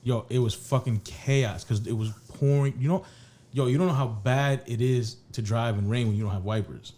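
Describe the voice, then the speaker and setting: A man's voice: medium pitch, moderate pace, mellow. A man co-hosting a podcast, telling a long story in casual chat, rambling and swearing, with many restarts. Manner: rambling, profane, restarts often. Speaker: podcast co-host.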